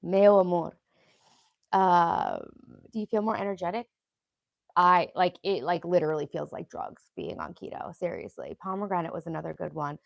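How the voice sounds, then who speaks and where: A young woman hosting a casual livestream, chatting loosely and stopping to answer her viewers' comments. Her lowish voice has a gravelly edge. The sound is close and dry, with no room around it. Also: very animated, moderate pace, no room sound. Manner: chatty, rambling, reads and answers chat. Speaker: livestream host.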